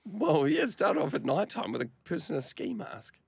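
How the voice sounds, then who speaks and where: Gravelly, wry male radio host. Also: huge pitch swings, fairly quick, no room sound. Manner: directs the skit, wry and low-key. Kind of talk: casual radio banter.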